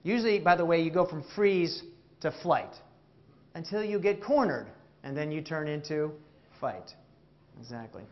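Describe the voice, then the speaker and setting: A man giving an interactive motivational keynote on stage, animated and jokey, asking the audience questions. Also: fairly high pitch, normal speed, long pauses, highs cut off, a little hiss or hum. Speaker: keynote speaker. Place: stage before a live audience.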